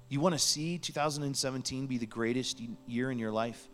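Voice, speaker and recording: A man's voice: medium pitch, a little fast, hardly any pauses, a bit bright, slight background noise. A man preaching a sermon in a church, earnest and pleading, sometimes dropping to a near whisper. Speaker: pastor. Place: church sanctuary.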